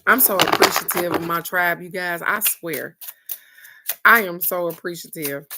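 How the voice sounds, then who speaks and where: A woman's voice: lowish voice, unhurried, background noise. A woman doing a motivational card-of-the-day talk, speaking straight to her viewers in a preachy, folksy way and repeating key phrases for emphasis. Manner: preachy and encouraging, addresses viewers directly. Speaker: card reader.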